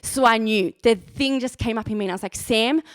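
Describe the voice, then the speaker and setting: Young woman youth leader, bright-ish voice, rambling comic anecdote, dry close sound. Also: fairly high pitch, fast, dry recording. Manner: chatty, self-mocking, lots of "like". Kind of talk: casual storytelling on a live stream.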